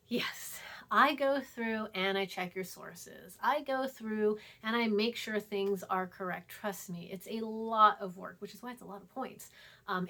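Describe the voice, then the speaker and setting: A woman college writing instructor giving a recorded online lecture in a chatty, emphatic way, repeating herself and dropping into a hushed voice for asides. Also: mid-range voice.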